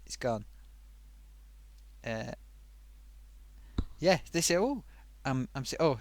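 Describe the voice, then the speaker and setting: A man plays an affable talking sock puppet hosting a live stream, his slightly raised voice bouncing up and down with lively pitch swings. He rambles playfully and gives friendly advice, recorded close and dry with no room sound. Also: no echo. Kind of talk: live stream chat with viewers.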